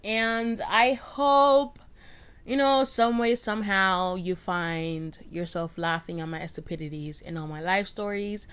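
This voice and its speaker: Rambling young woman with a lower voice. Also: normal speed, hardly any pauses, clean tone. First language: Spanish. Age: late teens. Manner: rambling and self-mocking, with loudness and pitch jumping often. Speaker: podcast host. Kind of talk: casual rant. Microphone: cheap home USB microphone.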